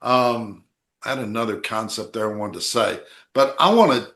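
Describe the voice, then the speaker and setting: A man hosting a spiritual podcast, explaining ideas in a calm teaching way and checking in with "okay?" and "right?". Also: fairly low pitch, moderate pace, echoey room. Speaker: podcast host and author.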